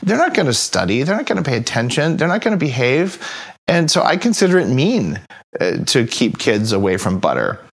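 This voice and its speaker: Animated male podcast guest telling stories. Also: medium pitch, fairly quick, husky. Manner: animated storyteller acting out quoted voices. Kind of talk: casual interview storytelling. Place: podcast studio.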